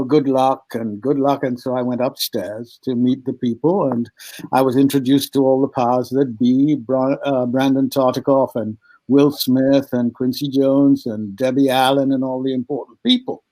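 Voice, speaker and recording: On a podcast interview with poor audio, an older British-accented actor tells stories as a guest in a medium-pitched voice. He's an animated storyteller who acts out the voices of the people involved, laughing often and restarting frequently.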